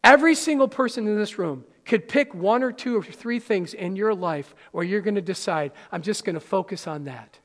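A pastor with a notably high voice preaches earnestly, talking straight to the people in the room and joking with them now and then. His words ring out with the long reverb of a church hall. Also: normal speed, few pauses. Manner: earnest, conversational preaching with playful asides to the congregation. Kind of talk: sermon. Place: church sanctuary.

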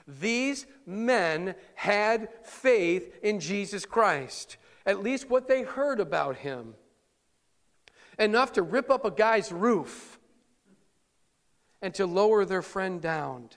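High-voiced storytelling pastor. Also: male voice. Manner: animated storytelling, chuckles often. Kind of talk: sermon. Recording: long hall reverb.

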